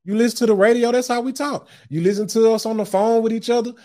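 A podcast host delivers a fiery, sermon-style motivational talk in casual street slang, calling his listeners "guys" and "family" and often repeating words as he launches into a thought. His voice is very high-pitched and dark, with a steady tone and a fast pace.

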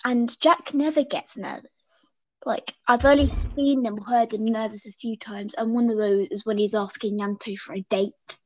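A woman's voice: a little high, fairly even intonation, moderate pace, a little mellow. A young woman chatting casually as a podcast co-host, rambling and giggly, stringing her thoughts together with "and then". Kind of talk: casual fan chat over a call.

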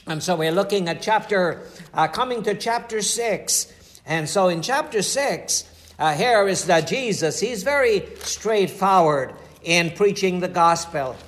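Pastor guy, pretty high voice, folksy storytelling sermon. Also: animated, a little slow, a bit bright. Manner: folksy storytelling with scripture quotes. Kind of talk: preaching a sermon.

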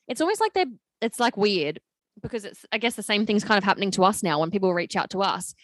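This is a young woman in casual podcast chat, telling stories with gushing, animated energy. Her words tumble out at a brisk clip. The sound is dry and close, with no room around it. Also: mid-range voice, no echo. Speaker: podcast co-host.

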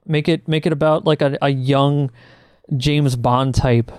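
A man's voice: medium pitch, steady tone, a little slow, a little mellow, no room sound, clean studio sound. A man co-hosting a podcast, laid-back and casual, leaning on dude and like.

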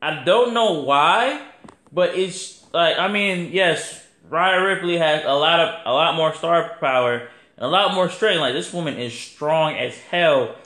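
A man hosting a podcast, talking in a casual, rambling monologue that is animated and full of swearing. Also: on the high side, measured pace. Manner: animated, profane, rambling, acts out quotes. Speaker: podcast host. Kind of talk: casual wrestling review monologue. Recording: echoey room.

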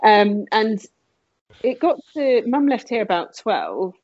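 A woman telling a personal story in conversation, candid and emotional with quick asides. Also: mid-range voice, big pitch swings, darkish tone, no room sound, muffled recording. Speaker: guest sharing her story.

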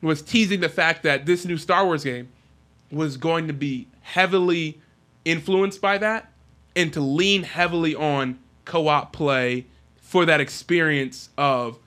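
Man, podcast co-host, casual game chat, excitable, rambling, bright forceful voice, slightly high. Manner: excitable, animated, rambling with fillers. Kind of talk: casual chat about video games.

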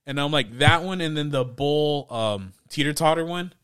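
This male podcast co-host has a fairly high pitch and speaks at a normal pace, his tone clear, resonant and a little bright. The casual conversation wanders, full of laughs and voiced quotes, and the recording is dry with studio quality.

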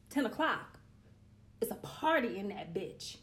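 A woman's voice: mid-range voice, big pitch swings, unhurried, pauses often, a bit bright. A woman in her forties talking straight to her viewers in a casual monologue, blunt and profane, ranting with comic exasperation. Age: 40s. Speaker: vlogger.

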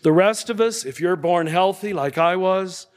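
A man gives a spiritual talk to a gathered audience, his voice sitting a little high for a man. He speaks conversationally, checks in with the room through frequent tag questions, and chuckles softly along the way. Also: normal speed. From United States. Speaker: spiritual teacher.

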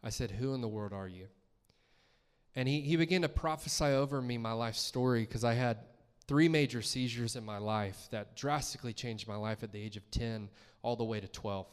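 A man preaches a personal testimony, chatty and storytelling, voicing his own reactions. His mid-pitched voice rings with the long reverb of a church hall. The tone stays conversational rather than formal. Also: a little fast, clear, resonant tone. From Columbus, Georgia, US. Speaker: guest preacher. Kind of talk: testimony sermon. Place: church sanctuary.

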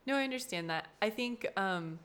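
A woman's voice: medium pitch, lively intonation, moderate pace, a bit bright. A woman co-hosting a casual podcast, supportive and teasing, laughing often. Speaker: podcast co-host.

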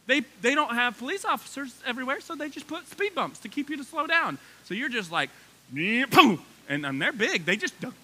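Pastor, man, 30s: folksy, animated sermon delivery in a sanctuary, high bright voice with lots of swing. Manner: animated, folksy preaching with rising excitement. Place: church sanctuary.

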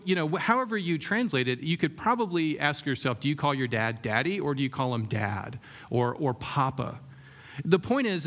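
A man preaching a sermon in a conversational way, often asking the room questions and using many fillers. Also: a little high. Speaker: pastor.

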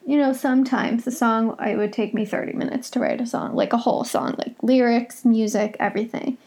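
A woman's voice: a little high, warm tone. A young woman hosting a solo podcast from home, talking in a rambling, emotional, confessional way. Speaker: podcast host.

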